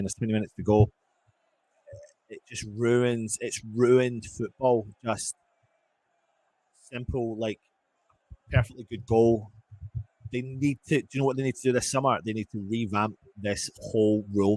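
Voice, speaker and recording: A man's voice: fairly low pitch, fairly even intonation, normal speed, darkish tone. A man giving live fan commentary on a football match, ranting angrily between play-by-play calls. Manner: frustrated, ranting, swearing.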